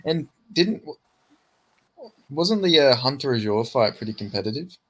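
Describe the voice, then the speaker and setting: Dude chatting fights on a podcast, mid voice, lots of restarts and swearing. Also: male voice, medium pitch, expressive, normal speed, slight background noise. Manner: stammering restarts, sweary, laid-back. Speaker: podcast co-host. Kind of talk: casual chat about fights.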